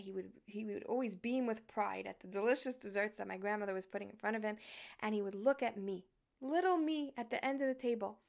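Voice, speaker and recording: A Torah teacher gives a religious lesson, sharing a personal story in an earnest, conversational manner. Her voice is a little high, slightly creaky, and somewhat bright.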